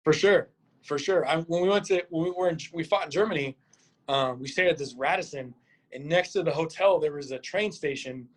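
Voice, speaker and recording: A middle-aged man from Nebraska, a boxing coach and podcast guest, telling stories in a casual way, acting out quotes with big jumps in pitch and swearing freely. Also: a little fast. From Nebraska, USA. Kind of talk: casual storytelling.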